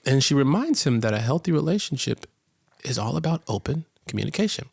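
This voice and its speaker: A man co-hosting a casual rewatch podcast, recapping episodes, laughing often and jumping up in pitch to act out characters. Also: very animated, fairly quick, vocal fry, darkish tone, husky. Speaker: podcast co-host.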